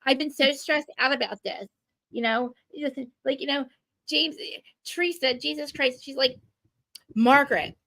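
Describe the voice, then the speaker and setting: A woman ranting in casual chat, animated and profane, with many restarts. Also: high-pitched, gravelly, dry recording. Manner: rapid, profane, animated rant with frequent restarts. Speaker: guest commentator. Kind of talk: casual chat recapping a reality show.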